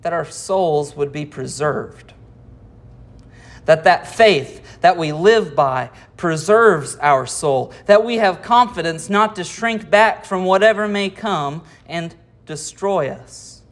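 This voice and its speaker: The pastor's voice sits at medium pitch and moves slowly, yet the intonation is lively. He or she reads scripture aloud, breaks it down, and challenges the congregation with rhetorical questions in an expository style.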